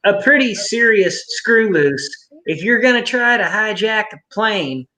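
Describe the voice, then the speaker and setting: A man's voice: sits high, lively intonation, measured pace, pushed and bright. A man on a casual podcast, skeptically arguing that a scenario is ridiculous. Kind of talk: casual chat.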